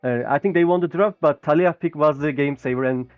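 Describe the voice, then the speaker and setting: Interviewed male player, hesitant and halting, over a dry, phone-like line. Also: fairly high pitch, smooth, no room sound, faint music behind. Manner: halting, hesitant, repeats words. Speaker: pro player being interviewed. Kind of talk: post-game interview.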